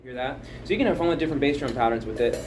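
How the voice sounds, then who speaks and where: A man's voice: medium pitch, racing, loud music behind the voice. A man casually explaining a drum pattern, rambling and chatty, counting beats aloud at home. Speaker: drum teacher. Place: home music room. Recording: home room, mic picking up loud drum kit from a distance.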